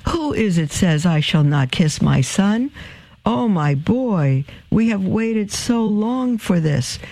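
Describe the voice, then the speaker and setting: A woman's voice: mid-range voice, expressive, slow pace, warm tone, dry recording, pitched above the performer's own voice, rough recording. A man putting on a doting, tender mother. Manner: pleading, doting. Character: loving, tender mother welcoming her lost son.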